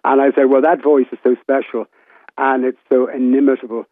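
A man's voice: mid-range voice, flat delivery, a little fast, no room sound. Man, sixties, Limerick Irish accent, rambling reminiscence, restarts, phone-line sound. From Ireland. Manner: chatty, rambling, many restarts and fillers. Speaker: radio broadcaster, phone guest. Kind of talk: casual reminiscing interview. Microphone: telephone.

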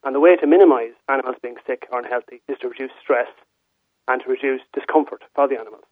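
Irish farmer calling into radio, earnest steady talk, tinny phone line. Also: male voice, mid-range voice, quick pace, no room sound. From Ireland. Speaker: dairy and meat farmer calling in. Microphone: telephone.

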